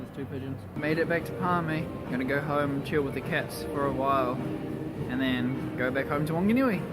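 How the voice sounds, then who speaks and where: Young male New Zealand vlogger, slightly high voice, chatty and rambling. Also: background noise. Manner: chatty and rambling, with frequent fillers. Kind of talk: casual travel vlog.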